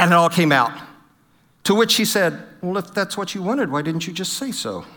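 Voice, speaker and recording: A pastor, a middle-aged man with a slightly high and sharp-toned voice, gives a lighthearted church message on marriage. His stories come with self-deprecating humor, and he performs the quotes.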